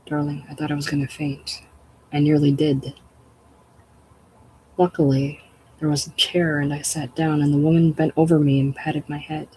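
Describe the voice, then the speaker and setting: Grieving wife all lit up and urgent , read by a storyteller, goes breathy at times, faint noise behind. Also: medium pitch, level tone, normal speed, pauses often, dark tone, natural voice, poor audio. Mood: urgent elated.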